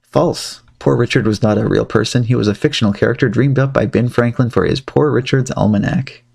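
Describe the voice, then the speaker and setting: A man's voice: mid-range voice, brisk, gravelly, a little mellow, husky. A man playing through a game on a stream, chatty and joking as he reads on-screen text. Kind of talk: let's-play commentary.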